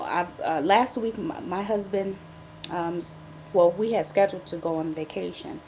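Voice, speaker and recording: A woman chats candidly into her camera mic while on bed rest during pregnancy. Her talk is casual and full of restarts and asides. A faint low hum runs underneath. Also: mellow. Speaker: vlogger. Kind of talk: casual pregnancy diary vlog.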